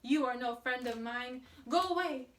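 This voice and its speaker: A woman reading a story aloud, voicing a crude, bossy little man in a café with a gruff, scornful manner. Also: sits high, moderate pace, reverberant, lightly acted.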